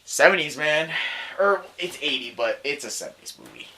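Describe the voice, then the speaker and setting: A man's voice: a little high, animated, normal speed, sharp tone, slight background noise. A young man co-hosting a casual film review podcast, rambling enthusiastically with lots of "like" and "dude". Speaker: podcast co-host.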